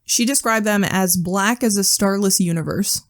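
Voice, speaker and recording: A podcast co-host tells creepy stories in a casual chat, swearing often and laughing nervously. Her voice is mid-range, and she talks at a normal speed.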